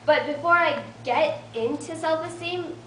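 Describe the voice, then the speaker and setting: Teen girl giving an earnest motivational speech, pretty high voice, mic far off, faint room noise. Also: a little slow, bright, forceful tone, echoey room. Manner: earnest storytelling with a light laugh at herself. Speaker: invited student speaker. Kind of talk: motivational speech to a support group. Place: meeting room of a support group.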